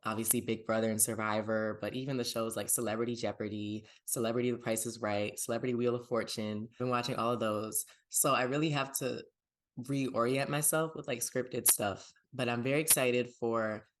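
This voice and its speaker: A man hosting a casual pop culture podcast, with an upbeat, chatty delivery. His voice sits in a middle pitch for a man. He runs segments and plugs his social pages. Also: steady tone, a little fast. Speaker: podcast host.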